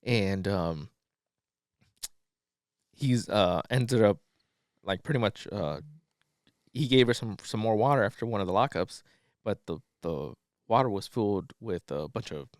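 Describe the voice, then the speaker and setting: A man's voice: fairly low pitch, expressive, measured pace, pauses often, no echo, clean studio sound. A man co-hosting a podcast, retelling a movie plot in a loose, profane, slangy storytelling style. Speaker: podcast co-host. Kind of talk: casual plot recap.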